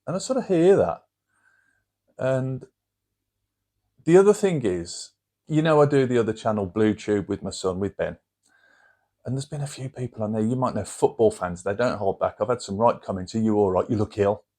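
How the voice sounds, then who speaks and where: A man's voice: medium pitch, animated, moderate pace, pauses often, warm tone. A middle-aged man with a Birmingham accent, chatting casually to camera as a channel host in a rambling, down-to-earth way. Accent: Birmingham (Brummie). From England.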